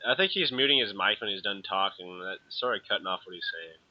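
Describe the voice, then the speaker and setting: A man's voice: on the low side, lively intonation, fast, muffled recording. A young man co-hosting a casual podcast over an online call, talking in a jokey, rambling way with lots of fillers. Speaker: podcast co-host. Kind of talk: casual chat. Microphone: computer mic on an online call.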